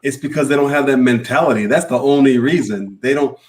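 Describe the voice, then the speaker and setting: A man's voice: medium pitch, a little fast. Agreeable male podcast host. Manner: agreeable, affirming. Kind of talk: casual podcast chat.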